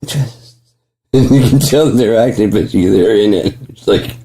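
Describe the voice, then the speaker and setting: A man with a low, dark voice talks gently and at length, drifting from one thought to the next. His tone is husky, and he swears freely and breaks into chuckles often. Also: moderate pace. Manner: rambling, profane, chuckles often. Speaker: vlogger. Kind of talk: gentle casual monologue.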